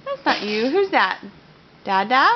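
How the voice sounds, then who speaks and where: High bouncy mom voice doing baby talk to her little one, slow and sweet, muffled old home video. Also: sing-song, noisy background. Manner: coaxing, praising, sing-song baby talk. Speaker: mother. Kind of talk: home video chat with a toddler. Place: home at breakfast.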